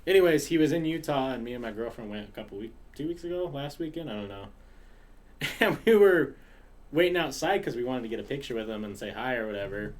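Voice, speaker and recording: A man's voice: mid-range voice, lively intonation, fast. A man hosting a casual podcast chat, telling stories and puns with frequent laughter. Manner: tells stories and puns, laughs through them.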